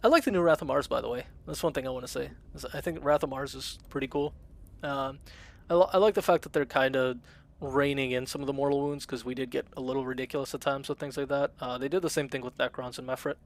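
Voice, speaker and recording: A man's voice: medium pitch, fairly even intonation, fast talker, vocal fry. A man chatting casually on a game stream, rambling with lots of fillers and reading chat aloud. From Russian-speaking family, immigrated to America. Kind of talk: casual live-stream chat while gaming.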